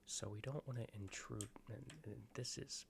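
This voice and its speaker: Male ASMR gameplay host, low gravelly voice, rambling soft talk slipping into whispers. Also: steady tone, moderate pace, background noise.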